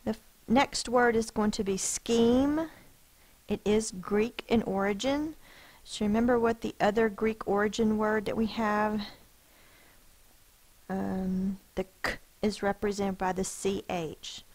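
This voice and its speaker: A woman teacher slowly and patiently sounding out spelling words, letter by letter, for a class. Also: medium pitch, steady tone, darkish tone, low-quality recording. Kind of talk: phonics lesson for children.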